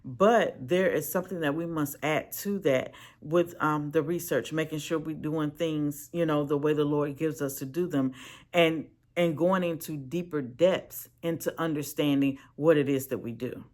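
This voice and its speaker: A Christian business owner and writer giving a motivational video lesson to camera, animated, laughing often and repeating words as sentences start. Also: medium pitch, normal speed. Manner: asks the viewer "right?" and "okay?" often.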